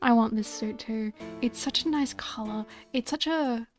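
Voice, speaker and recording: A woman's voice: fairly high pitch, normal speed, soft background music. A woman with a South Australian accent, chatting casually while playing a game. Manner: chatty, repeats herself playfully. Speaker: streamer. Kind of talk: casual gameplay commentary.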